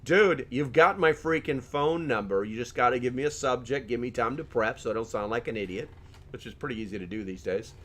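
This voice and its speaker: A man's voice: mid-range voice, fairly quick, fairly bright tone. A middle-aged man hosting a live stream in casual chat, joking as he reads viewer comments aloud and often laughing.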